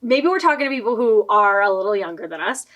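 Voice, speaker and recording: A woman's voice: mid-range voice, lively intonation, fast talker, a bit bright. A young woman co-hosting a casual podcast chat, giggling often as she reads a quiz aloud. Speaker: podcast co-host.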